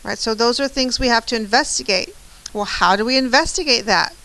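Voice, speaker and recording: Speaking a little fast, this math teacher has a fairly high, creaky voice with a sharp tone, captured on a rough recording. She delivers a chatty, encouraging classroom lecture, often asking "right?".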